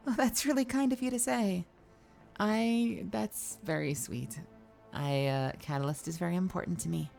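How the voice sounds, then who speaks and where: This is a casual live-stream chat by a young woman with a lowish, creaky, slightly mellow voice at normal speed. Tired and yawning, she reads viewers' messages aloud and occasionally swears. Faint music can be heard behind her.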